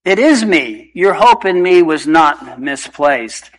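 A man voicing a gentle, patient Jesus in a soft, reassuring tone while preaching a sermon. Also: fairly high pitch, expressive, slow.

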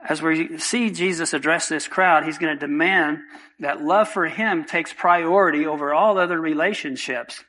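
A man's voice: a little high, moderate pace, bright, forceful tone, rough recording. A man preaching a sermon, earnest and emphatic, repeating key points and asking rhetorical questions. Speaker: pastor.

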